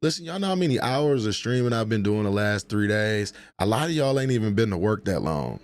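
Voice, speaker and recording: Dude on a livestream roasting chat, low voice, aave, profane and laughing. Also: male voice, big pitch swings, fairly quick. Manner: trash-talking, laughing, profane banter. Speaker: livestream host.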